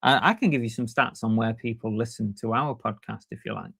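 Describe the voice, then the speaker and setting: Casting: chatty male podcast co-host, mid-pitched voice, dry close sound. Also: brisk, vocal fry, fairly bright tone, breathy edge, no room sound. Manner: chatty, jokey, reads out stats. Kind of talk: casual chat.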